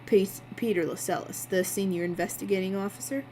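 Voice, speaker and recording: A woman voicing a calm male investigator who asks measured, probing questions in a slightly lowered voice. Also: slight background noise, natural voice, low-quality recording.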